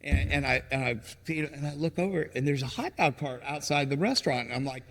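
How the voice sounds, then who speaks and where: A man who founded a ministry, guesting on a podcast and telling rambling, animated stories, often acting out what people said. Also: mid-range voice, brisk. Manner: rambling, animated storyteller who acts out quotes. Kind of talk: casual storytelling interview. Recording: long reverb, hall-like room.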